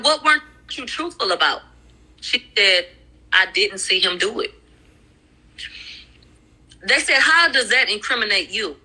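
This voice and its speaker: Bright-sounding woman retelling court stuff, chatty, back and forth. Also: medium pitch, rough recording. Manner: retells questions and answers in a chatty run-on way. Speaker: trial recap commentator. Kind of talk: casual retelling of court testimony.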